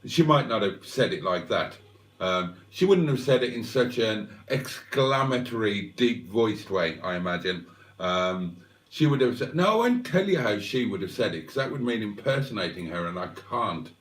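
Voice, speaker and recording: Bloke rambling on a livestream, self-mocking, keeps clearing his throat, mic a bit far off. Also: on the low side, very animated, moderate pace. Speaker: livestream host. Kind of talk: rambling casual chat to viewers. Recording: roomy sound, mic at a distance.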